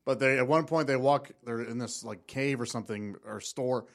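A man's voice: medium pitch, moderate pace, gravelly. A man in casual comedic chat, telling anecdotes and giggling through them.

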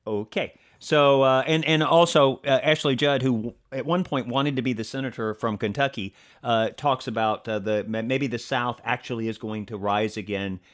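A man co-hosting a political commentary podcast, talking in a halting way with many fillers and restarts and a sarcastic edge. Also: mid-range voice. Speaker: podcast co-host.

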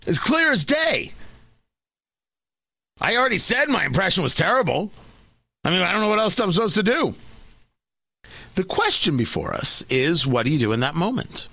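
A man hosting an opinion commentary show, ranting in a sarcastic, animated way. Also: high voice, moderate pace, creaky, pauses often, no room sound. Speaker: host.

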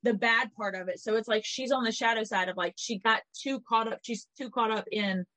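Animated gossiping woman, higher voice. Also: fairly quick, no room sound, low-quality recording. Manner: animated, swearing, acts out quotes in voices. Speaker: podcast co-host. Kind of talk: casual gossip chat.

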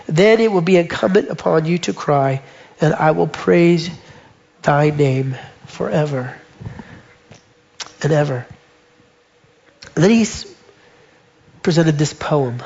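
A man with a high, light voice preaches a sermon with emphasis, slowing and softening almost to a whisper on quoted lines. The recording is dull and muffled.

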